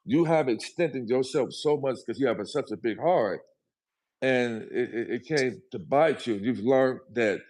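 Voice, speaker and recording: A man's voice: mid-range voice, a little mellow. Preachy motivational man on a livestream. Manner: preachy and emphatic, repeats phrases. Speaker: livestream guest. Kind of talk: motivational live chat.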